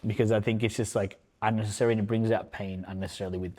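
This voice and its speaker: A man speaking as a podcast guest in casual, emotional conversation, reflective and halting, dropping "man" and "like" between thoughts. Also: lowish voice, fairly even intonation, darkish tone. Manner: reflective, halting, heavy use of fillers like "man" and "like".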